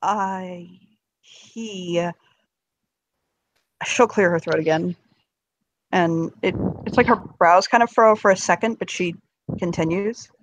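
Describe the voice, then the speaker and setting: A woman's voice: lowish voice, slow, pauses often, dry recording. Woman, tabletop player, hesitant, self-correcting, polite formal in-character speech, dry close sound. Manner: hesitant, restarts, polite in character, laughs at herself. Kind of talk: playing a character in a tabletop role-play.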